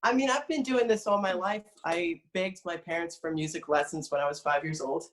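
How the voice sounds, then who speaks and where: A man's voice: on the high side, a little fast, a bit bright. A man from New Jersey, a singer-songwriter, chatting as a guest in an easygoing, friendly way over a video call. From New Jersey, USA.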